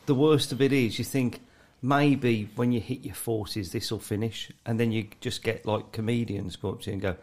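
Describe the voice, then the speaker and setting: A man's voice: mid-range voice, fairly even intonation, moderate pace, hardly any pauses, darkish tone. A man in his forties co-hosting a podcast, bantering in casual chat and mimicking people. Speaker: podcast co-host.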